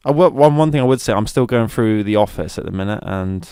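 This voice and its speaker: A young man co-hosting a casual podcast, laughing often, swearing and reading recipes aloud haltingly. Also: on the low side, expressive, warm tone, clear, resonant tone, dry recording, clean studio sound. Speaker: podcast co-host. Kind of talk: casual banter.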